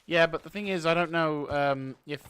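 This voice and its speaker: A man casually commentating a video game playthrough, chatting to himself and his in-game horse with bursts of excitement. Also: a little high, normal speed, smooth. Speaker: gaming YouTuber. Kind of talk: casual let's play commentary.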